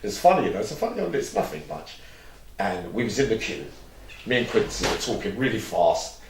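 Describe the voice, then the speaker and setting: A man's voice: on the low side, big pitch swings, brisk, recorded from a distance, background noise. A man, an interview guest telling long, rambling stories and acting out what others said. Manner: rambling, acts out quoted dialogue. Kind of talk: candid storytelling interview. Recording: roomy echo, mic set back.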